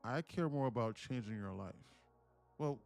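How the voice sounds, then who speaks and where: Profane, storytelling trading-stream host. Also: male voice, mid-range voice, expressive, normal speed, gravelly, darkish tone, faint music behind. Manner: storytelling, swears freely. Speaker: day trading livestream host. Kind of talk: casual livestream talk.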